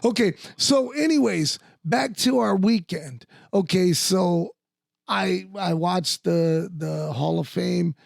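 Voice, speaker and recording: A man with a high, gravelly voice trades wrestling opinions in an animated, salty way, laughing often. The sound is dry and close, with no room around it. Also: takes it slowly, no room sound. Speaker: podcast co-host, former wrestler. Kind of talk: casual sports chat.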